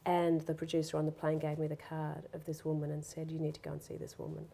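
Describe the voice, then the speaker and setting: A middle-aged woman with a low, gravelly voice and a mellow, darker tone. She talks openly and reflectively as an interview guest, slipping into quoted asides. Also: quick pace. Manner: open, reflective, quotes herself and others in lively asides. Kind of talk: candid conversational interview.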